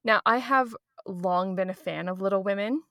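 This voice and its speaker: A woman's voice: medium pitch, moderate pace, bright, forceful tone, no echo, clean studio sound. A woman co-hosting a podcast, casual chat, friendly and affirming. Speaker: podcast co-host.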